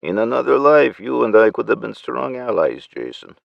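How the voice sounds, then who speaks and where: A man's voice: mid-range voice, very animated, moderate pace, vocal fry, no room sound, muffled recording, voice pushed up. A man voicing a sly, cold male Russian commander with a Russian accent and a smug, menacing drawl. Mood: gloating.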